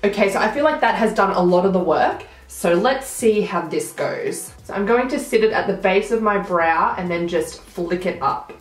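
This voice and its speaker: A woman's voice: mid-range voice, lively intonation, moderate pace, few pauses, roomy sound, soft background music. A young woman with a blocked nose, chatting through a makeup tutorial as she applies each product. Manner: chatty, narrating each step as she works. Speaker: beauty vlogger.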